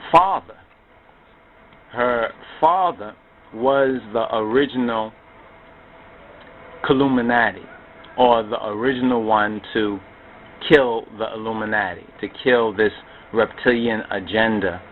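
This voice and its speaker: A man giving a loose, spoken lecture on religious history, often repeating and restarting his phrases. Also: on the low side. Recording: tinny phone-like audio with faint noise.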